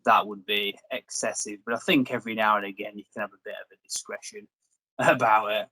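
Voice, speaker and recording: A man's voice: fairly low pitch, a little fast, sharp tone, slightly rough, dry recording, rough recording. A young man hosting a review video, rambling and joking in casual chat. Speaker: reviewer and host.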